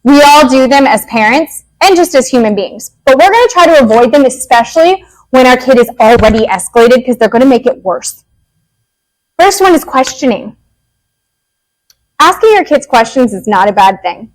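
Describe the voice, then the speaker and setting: A woman behavior analyst, herself a parent, giving a lively, joking workshop talk to parents. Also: sits high, poor audio. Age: adult parent. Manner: lively, joking, acts out quick quotes.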